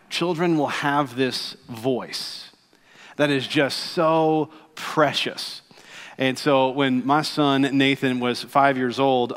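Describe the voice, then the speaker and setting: A middle-aged man, a pastor, preaching a sermon to his congregation, lively and playful with asides to the room. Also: medium pitch, big-room sound. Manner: animated, warm storytelling with playful asides to the congregation. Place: church auditorium.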